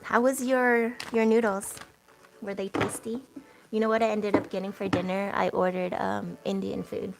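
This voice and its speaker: A woman's voice: medium pitch, little pitch movement, moderate pace, creaky, noisy background. A young woman doing a tarot reading on a casual livestream. She talks in a chatty way, with lots of filler words and laughs, as she reads the cards and answers the chat. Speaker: tarot reader.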